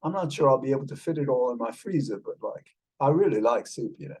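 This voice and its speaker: A man's voice: medium pitch, lively intonation, quick pace, darkish tone, breathy edge, poor audio. A man speaking in a put-on British accent, chatting casually and rambling with many fillers while calling his listener mate, over a video call. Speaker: show host talking with an AI companion. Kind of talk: casual chat.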